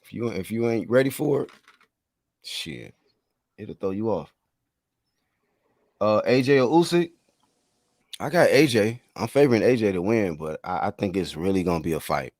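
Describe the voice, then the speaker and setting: Chill man w a lowish voice trash-talking boxing belts, cusses a lot, dry close mic. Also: lively intonation, moderate pace, long pauses, no echo. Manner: laid-back, swears freely, loud bursts of laughter. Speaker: boxing podcast host. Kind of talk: casual profane chat.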